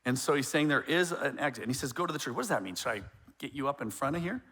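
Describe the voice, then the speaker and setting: A male pastor preaching a sermon in a conversational, joking way, with quick asides and frequent restarts. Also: medium pitch, animated, a bit bright, slightly rough.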